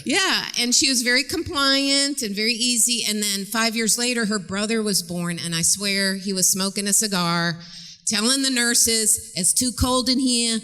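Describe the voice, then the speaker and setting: A woman's voice: on the high side, normal speed, bright, forceful tone, clean tone. A woman in her fifties from upstate New York, a counselor chatting and joking as a guest in a church interview. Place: large church sanctuary. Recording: long church reverb.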